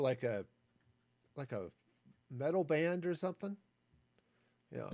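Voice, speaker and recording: A man's voice: medium pitch, lively intonation, unhurried, long pauses, a little mellow, no room sound, studio quality. A man streaming a building game, talking through his plans in a rambling way with jokey asides. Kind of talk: casual gameplay commentary.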